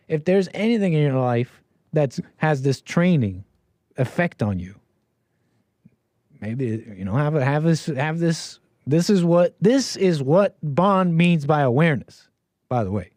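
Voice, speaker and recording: A man's voice: on the high side, expressive, normal speed, darkish tone, no room sound. A man livestreaming, rambling casually with many repeats and restarts. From Canada. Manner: meandering, repeats words and restarts.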